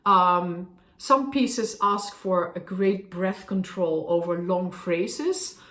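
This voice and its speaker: A woman's voice: fairly low pitch, takes it slowly, a bit bright. A woman opera singer thoughtfully explaining how she prepares a role, with frequent fillers. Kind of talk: explaining her craft to camera. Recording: roomy echo.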